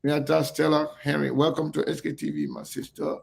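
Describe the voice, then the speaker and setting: A man hosting an online talk show in casual chat, halting and repeating himself as he greets viewers. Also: a little high, sing-song, gravelly, a little mellow. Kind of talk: casual live-stream chat.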